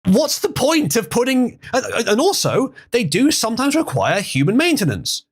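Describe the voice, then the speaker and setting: A man's voice: very high-pitched, sing-song, normal speed, breathy edge. Chatty man hosting a livestream. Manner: chatty, laughs often, restarts sentences. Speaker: livestream host. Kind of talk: casual livestream commentary reading chat.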